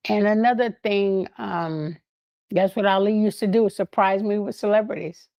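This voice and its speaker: An older woman telling lively anecdotes in a casual way, laughing often and acting out what others said. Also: medium pitch, normal speed, dry recording. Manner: animated, laughing, acts out quoted voices. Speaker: guest storyteller.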